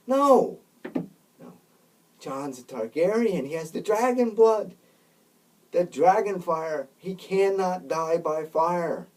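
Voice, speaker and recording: Husky man retelling a story emphatically. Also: medium pitch, darkish tone, distant mic, low-quality recording. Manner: emphatic, keeps checking in with "right?" and "okay?". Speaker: Catholic commentator. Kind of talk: casual storytelling commentary.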